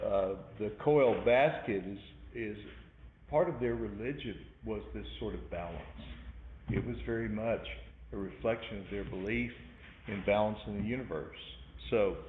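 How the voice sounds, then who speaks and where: Rambling art teacher on a tinny line. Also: male voice, mid-range voice. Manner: rambling, many fillers and asides. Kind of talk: recorded lecture recap. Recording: echoey room over a tinny phone-like line with faint noise.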